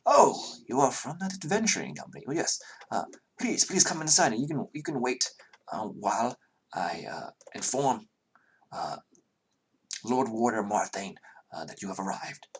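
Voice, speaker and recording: Casting: man playing a formal butler in a tabletop game, courteous, softly spoken. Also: medium pitch, big pitch swings, moderate pace, a little hiss or hum. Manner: courteous, hesitant, with fillers. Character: polite male butler, formal and hurried.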